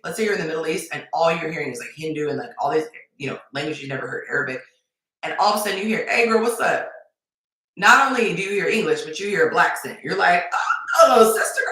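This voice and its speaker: A woman dating coach giving advice on a live stream, emphatic and repetitive with sudden excited bursts. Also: lowish voice. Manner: emphatic, repeats points, animated bursts. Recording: very echoey room.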